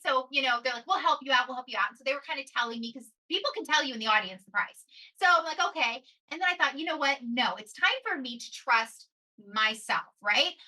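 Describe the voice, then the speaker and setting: A woman in her forties hosts her own podcast and tells a personal story in a bright, sharp, high voice. She is upbeat and chatty, acting out her own quoted thoughts, and she sits a little away from the microphone. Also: far from the mic, rough recording. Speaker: podcast host. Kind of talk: casual storytelling monologue.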